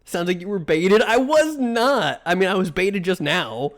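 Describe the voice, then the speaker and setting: A man's voice: high-pitched, normal speed. A young man streaming live, chatting casually, rambling and swearing as he gets worked up over a story.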